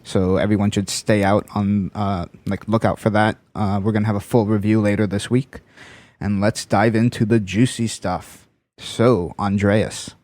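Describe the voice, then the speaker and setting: A man's voice: fairly low pitch, steady tone, normal speed, a little mellow, no echo. A Canadian man hosting a casual podcast in an easygoing way, leading the talk. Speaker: podcast host. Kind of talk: casual chat.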